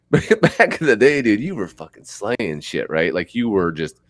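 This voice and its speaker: A man's voice: fairly low pitch, big pitch swings, a little slow, dry recording, studio quality. A middle-aged man co-hosting a podcast, telling loose, profane, rambling stories in casual chat. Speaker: podcast co-host.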